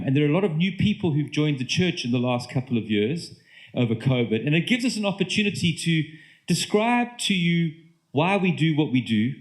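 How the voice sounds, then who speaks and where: A British man gives a church sermon in a slightly raised voice. He speaks earnestly, and his sentences often break off and start again. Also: fairly high pitch. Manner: earnest, halting with repeated restarts. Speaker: pastor.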